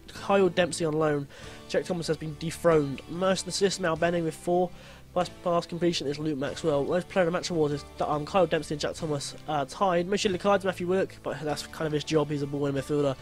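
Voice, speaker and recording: A young man giving lively, blunt gameplay commentary, grumbling and swearing at his team. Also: a little high, a little fast, faint music behind.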